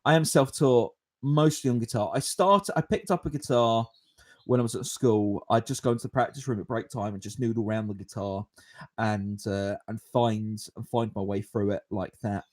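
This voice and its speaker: Speaking on the low side at a moderate pace, a man in his 20s hosts a podcast. He answers viewer questions and tells a meandering story in a loose, lively style full of chuckles.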